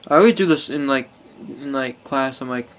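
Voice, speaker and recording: A man's voice: medium pitch, normal speed, background noise. A teenage boy rambling casually to an iPod camera, full of fillers and swearing. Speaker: vlogger. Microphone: phone or iPod held close.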